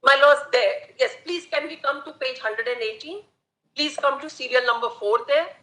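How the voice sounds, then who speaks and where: A woman advocate with an Indian English accent making a formal, measured argument in court, deferentially addressing the bench. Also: high-pitched, bright, forceful tone. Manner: measured, deferential, repeatedly saying "my lords". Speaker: advocate arguing a case. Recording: echoey courtroom audio.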